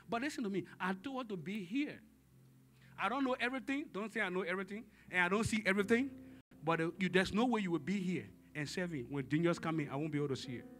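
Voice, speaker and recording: During a church service, a pastor preaches dramatically in a high-sitting voice, swinging between hushed tones and shouts while calling on the congregation to respond.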